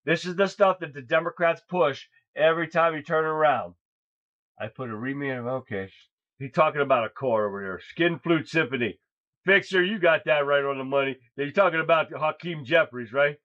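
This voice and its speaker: A man's voice: a little high, moderate pace, a bit bright. A man hosting a political livestream, talking in a blunt, crude, rambling way. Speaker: host. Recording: dull lo-fi sound.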